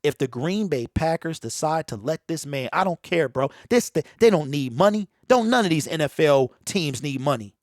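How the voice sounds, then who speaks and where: High-voiced guy ranting about football on his home mic, super lively ups and downs, preachy and slangy. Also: moderate pace, hardly any pauses, dry recording, clean studio sound. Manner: animated, preachy, talks straight to viewers with slang. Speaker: sports commentary host. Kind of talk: opinionated solo sports commentary. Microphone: home desk mic that pops.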